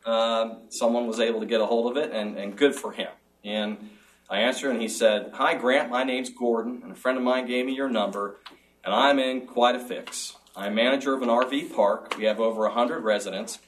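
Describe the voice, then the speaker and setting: A man's voice: medium pitch, fairly even intonation. Earnest middle-aged man, distant mic. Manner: earnest and measured, with small restarts. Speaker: job candidate. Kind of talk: formal interview statement.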